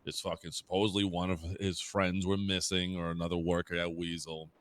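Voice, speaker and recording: A man with a very deep, low voice, chatting in character as a police officer during a roleplay session. He tells his stories bluntly, swearing often. He speaks through a close desk mic. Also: level tone, a little fast. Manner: profane, storytelling, blunt. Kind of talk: casual in-character roleplay chat.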